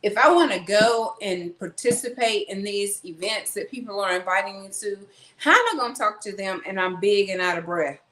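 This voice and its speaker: A woman's voice: medium pitch, moderate pace, sharp tone. A woman chatting casually to her viewers while unpacking groceries at home. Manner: chatty, rambling, talks to viewers as y'all. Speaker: vlogger. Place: at home, kitchen. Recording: echoey room, faint noise.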